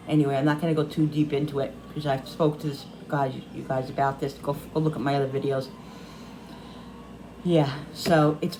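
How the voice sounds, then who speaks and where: A woman's voice: low-pitched, darkish tone, a little hiss or hum, poor audio. A middle-aged woman vlogging, telling a personal story through tears, rambling and restarting often. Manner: tearful, rambling, many restarts. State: crying.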